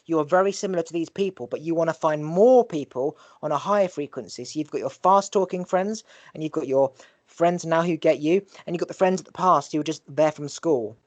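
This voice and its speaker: A male podcast host talking in an animated way, giving life advice in casual conversation and swearing freely. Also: on the high side, brisk, no room sound.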